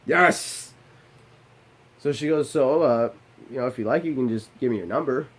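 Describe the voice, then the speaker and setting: A man's voice: mid-range voice, fast. A young man telling a personal story casually, with blunt swearing and self-mocking asides. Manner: profane, self-deprecating, animated asides.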